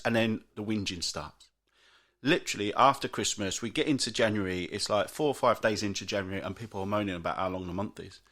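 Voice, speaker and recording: This solo podcast host is a British man whose voice sits fairly low but sounds a bit bright. He chats and rants about everyday moans in British English, lampooning moaners with put-on voices.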